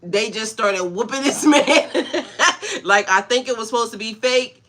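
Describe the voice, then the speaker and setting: A woman's voice: fairly high pitch, moderate pace, fairly bright tone. A woman spiritual coach talking casually on a livestream, laughing often and greeting her viewers by name. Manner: loose, chatty storytelling.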